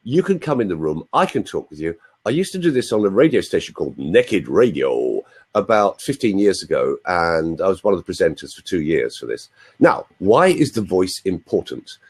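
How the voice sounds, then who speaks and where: Over a live online video call, an English-accented voice coach from London in his sixties shares playful, chatty stories as an interview guest, with asides to his audience. His low, sing-song voice is a little mellow with a breathy edge, and his pace is moderate.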